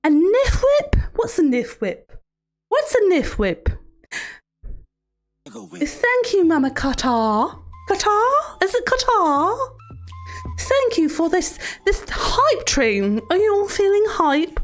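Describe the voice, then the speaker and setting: A woman streaming live in character as a teasing female villain therapist, talking in a mock-sweet, menacing, drawn-out way to her chat. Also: very high voice, huge pitch swings, faint music behind, full character voice. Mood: playful teasing. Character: creepy, teasing female villain therapist hosting cruel trials.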